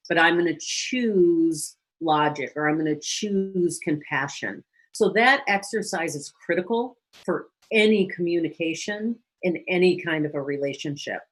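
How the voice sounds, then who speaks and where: A woman counselor giving a lively teaching talk to a church audience, briefly acting out quoted phrases. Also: fairly low pitch, breathy edge. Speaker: guest speaker and counselor.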